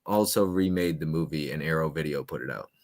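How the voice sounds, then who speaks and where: Man, very low voice, casual quiz host, playful, swings between loud and quiet. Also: a little fast.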